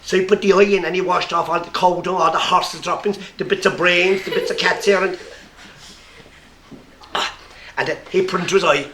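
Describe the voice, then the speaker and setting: A man with an Irish accent telling a comic story live to an audience, lively and playful. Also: high voice, normal speed. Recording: echoey room with faint noise.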